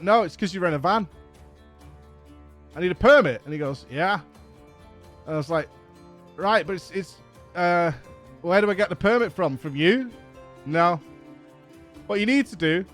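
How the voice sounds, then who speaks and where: A man with a high, bright-toned voice and an English accent tells a rambling story to his viewers. His delivery is exasperated and profane, and he acts out both sides of each conversation. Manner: exasperated, profane anecdote with acted-out dialogue. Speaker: streamer host. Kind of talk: casual storytelling.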